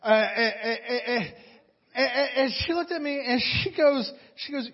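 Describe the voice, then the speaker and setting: Young man, pastor, husky high voice, dramatic storytelling sermon, dull lo-fi sound. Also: normal speed. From Atlanta, USA. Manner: animated, dramatic storytelling with frequent restarts. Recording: dull lo-fi recording.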